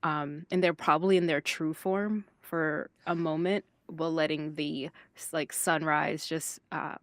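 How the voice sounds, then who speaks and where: A woman player describing her character in a tabletop role-playing game, halting and searching for words. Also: deep voice, steady tone, fairly bright tone, dry recording.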